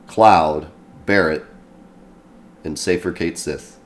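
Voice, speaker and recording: A man streaming live gameplay commentary, a bit sick in the voice, who yells at the game when things go wrong. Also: low voice, moderate pace, long pauses. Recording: faint game music behind.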